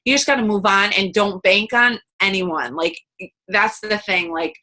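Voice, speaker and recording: A woman's voice: mid-range voice, unhurried, pushed and bright. A woman giving a chatty, upbeat coaching talk over a video call, full of fillers and quoted asides. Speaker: team coach.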